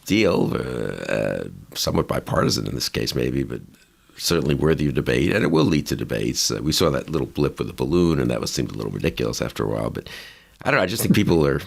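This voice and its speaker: A man's voice: extremely low pitch, vocal fry, husky. A man hosting an interview, musing in a rambling way with restarts and asides. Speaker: interview host. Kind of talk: casual conversation.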